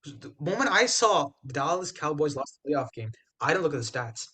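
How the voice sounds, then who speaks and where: A young man on a casual sports podcast, trash-talking rivals with big emphasis. His voice sits a bit high for a man. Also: big pitch swings, brisk, sharp tone, slightly rough. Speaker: podcast co-host.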